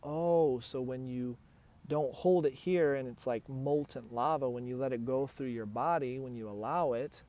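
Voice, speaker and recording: A man's voice: mid-range voice, normal speed, warm tone. Earnest man giving coaching advice. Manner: earnest, coaching, acts out example dialogues. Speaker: hypnotist and relationship coach. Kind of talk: direct advice talk.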